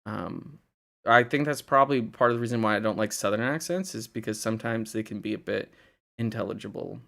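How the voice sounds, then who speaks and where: A man's voice: on the low side, a little fast, gravelly, fairly bright tone. A young man from Indiana, rambling casually on a livestream, laughing and swearing as he reads chat. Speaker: livestream host.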